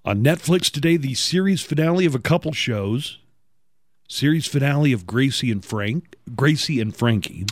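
A man's voice: mid-range voice, lively intonation, no room sound. A middle-aged man hosting a morning radio show, trading casual jokes and reading news and listings. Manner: wisecracking, conversational, reads listings briskly.

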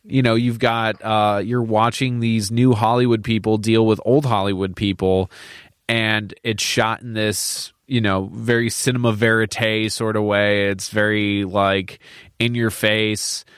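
A man's voice: fairly low pitch, little pitch movement, unhurried, fairly bright tone, clean tone, no room sound, clean studio sound. A man co-hosting a podcast, talking casually about a film, candid and profane, with many fillers and restarts. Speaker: podcast co-host.

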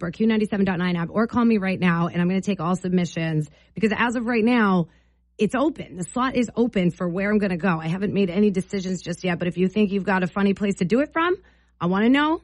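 A woman's voice: mid-range voice, animated, fast, dry recording. A woman hosting a morning radio show, chatty and playful, laughing often as she talks to listeners. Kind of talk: upbeat morning radio talk.

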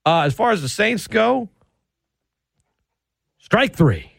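Heated sports radio host. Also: male voice, high-pitched, big pitch swings, slow pace, vocal fry, fairly bright tone, slightly rough, no echo. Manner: heated, sarcastic, emphatic. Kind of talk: opinionated sports talk radio rant. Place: radio studio.

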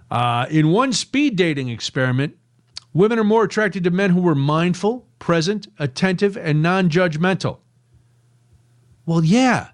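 A man's voice: sits high, animated, unhurried. A man hosting a night radio talk show, chatty and joking as he reads out listener texts. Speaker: radio host. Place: radio studio.

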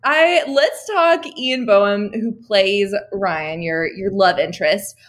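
A woman's voice: medium pitch, slow pace. A woman hosting an interview, bubbly and giggly, asking long rambling questions. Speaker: interviewer, host. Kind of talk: casual interview chat.

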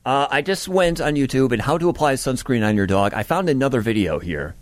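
A man's voice: mid-range voice, animated, a little fast, no echo. A man hosting a morning radio show, chatting with the weather presenter in a playful, musing way. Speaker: radio host.

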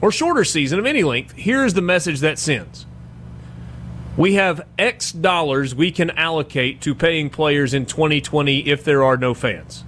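A man hosts a sports talk radio show. His voice sits a little high for a man, and his delivery is chatty and self-deprecating, getting animated whenever he jokes. He talks loosely with the studio crew. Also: moderate pace, slight background noise. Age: 40s.

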